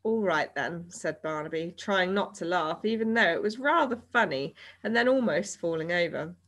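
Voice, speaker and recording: A woman reading a children's novel aloud with expressive, animated storytelling. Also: on the low side, normal speed. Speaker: reader.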